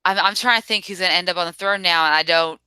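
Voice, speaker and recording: Female co-host, casual chat, bright and smooth voice, dry mic. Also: fairly low pitch, fast talker, no echo. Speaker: podcast co-host. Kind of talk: casual chat reviewing a TV episode.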